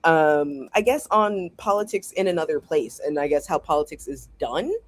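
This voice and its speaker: An American author chatting casually as a guest over a video call, animated and rambling, laughing often. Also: medium pitch, moderate pace, no room sound. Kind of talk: casual chat.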